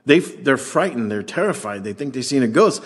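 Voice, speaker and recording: Man, pastor, sermon, animated, conversational, acts out scripture voices. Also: mid-range voice, normal speed, slightly rough.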